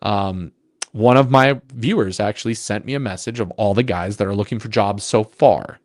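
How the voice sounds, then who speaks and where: A man co-hosting a sports podcast, talking in an animated, emphatic way in long runs. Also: fairly low pitch, normal speed, no echo, clean studio sound. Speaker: podcast co-host. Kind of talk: casual sports podcast chat.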